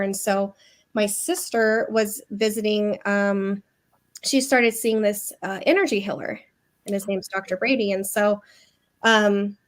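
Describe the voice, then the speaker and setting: A woman in her thirties speaks as a guest over a video call, with a voice of middling pitch. She talks in a loose, chatty way, full of fillers and restarts, as she tells a personal story. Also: fairly even intonation, unhurried. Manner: chatty, many fillers and restarts, mimics others in quotes.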